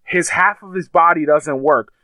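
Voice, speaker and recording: A man with a fairly high voice tells a heated story in casual conversation. He swears a lot and mimics what other people said. The sound is dry and close. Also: normal speed, sharp tone, no room sound. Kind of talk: casual podcast chat.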